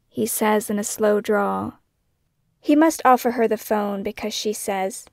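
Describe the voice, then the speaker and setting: A woman narrating her own scripted true-crime podcast in a measured, questioning, somber way. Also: on the high side, steady tone, a little mellow, dry recording, clean studio sound.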